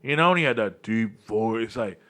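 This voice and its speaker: A man in his thirties with a New York-area accent, hosting a podcast and telling stories in lively, slangy casual chat. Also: on the low side, moderate pace. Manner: animated storytelling, slangy, repeats words. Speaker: podcast host.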